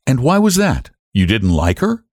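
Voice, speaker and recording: A man's voice: medium pitch, huge pitch swings, normal speed, dry recording, studio quality, pitched above the performer's own voice. A man voicing a smug, patronizing young county attorney in an audiobook.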